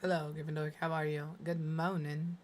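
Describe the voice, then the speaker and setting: A woman streaming a game, hoarse with her voice fading, chatting tiredly and muttering to herself as she builds. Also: sits low, little pitch movement, moderate pace, darkish tone, a little hiss or hum. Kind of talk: casual gameplay streaming chat.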